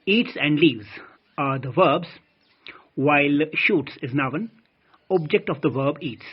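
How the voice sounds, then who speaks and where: Slow, husky-voiced male teacher. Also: fairly high pitch, animated, dull audio. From Kashmir. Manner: formal, explanatory, addresses listeners as dear friends. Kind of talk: recorded grammar lesson.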